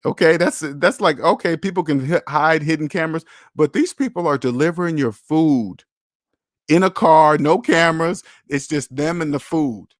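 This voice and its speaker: A man's voice: fairly high pitch, normal speed, dry recording, studio quality. A man hosting a casual livestream about money, talking bluntly and with lots of swearing, acting out both sides of phone calls. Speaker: finance channel host.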